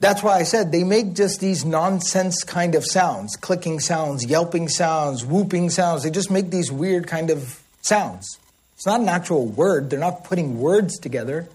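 A man's voice: on the high side, measured pace, husky. A man teaching a religious language lesson, explaining word meanings and often checking in with his listeners. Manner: acts out calls and shouts.

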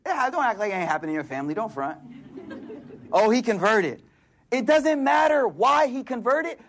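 High husky-voiced man preaching. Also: lively intonation, moderate pace, fairly bright tone. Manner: casual street slang, storytelling with quoted voices. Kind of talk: sermon.

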